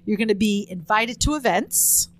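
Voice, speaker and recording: A woman's voice: medium pitch, moderate pace, fairly bright tone, slight background noise. A woman in her fifties co-hosting a podcast, explaining topics earnestly with a dryly playful streak. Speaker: podcast co-host. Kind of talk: casual chat.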